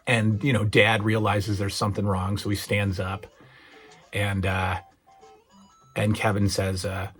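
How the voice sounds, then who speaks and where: A middle-aged host on his own channel discusses memorable TV moments casually and hesitantly, with frequent fillers and restarts, some emotion, and getting worked up over scenes he retells. His lowish voice is flat and unhurried, pausing often, with soft music underneath.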